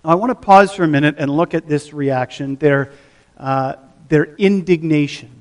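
A middle-aged pastor preaching a sermon, teaching the passage and putting questions to the congregation. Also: male voice, a little high, moderate pace. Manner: teaching, asks the audience questions.

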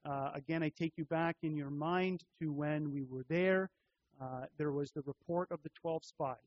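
Pastor, male, fairly high voice, measured expository sermon delivery, dull lo-fi recording. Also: fairly even intonation. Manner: measured expository preaching, repeating phrases for emphasis.

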